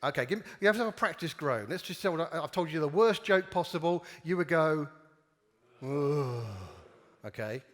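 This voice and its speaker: A man's voice: fairly high pitch, lively intonation, quick pace, few pauses. A man giving a playful, jokey conference talk and leading the audience in participation games. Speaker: conference speaker. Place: conference hall before a live audience. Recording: long hall reverb.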